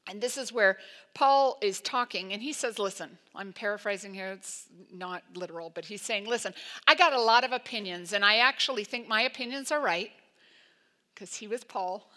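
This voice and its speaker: A woman pastor preaching a sermon in an emphatic, conversational way, full of "like" and quick asides. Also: mid-range voice, sharp tone.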